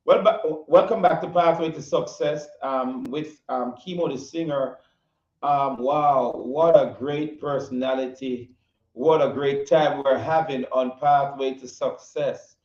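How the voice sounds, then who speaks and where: A man hosting an interview, speaking haltingly with many pauses and fillers. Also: medium pitch, fairly even intonation, darkish tone, roomy sound, dull audio. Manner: halting, lots of fillers, laughs easily. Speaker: interview host.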